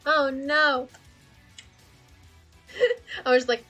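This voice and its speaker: Woman, rather high voice, bright and sharp tone, slow rambling chat, laughs often, faint music behind. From Australia. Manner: rambling, chatty, laughs often, thinks aloud. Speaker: livestreamer. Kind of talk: casual livestream chat about worldbuilding.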